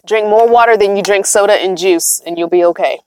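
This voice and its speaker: This is a brisk, mid-range female voice with a darkish tone and a slight hiss or hum in the background. She lives in a van and is livestreaming from inside it, casually reading out chat comments and laughing frequently.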